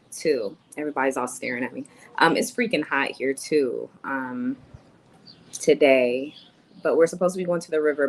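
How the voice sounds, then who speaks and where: Reading through chat comments, a young woman vlogger rants and curses in a chatty, casual livestream. Her voice is low-pitched, and the recording quality is low.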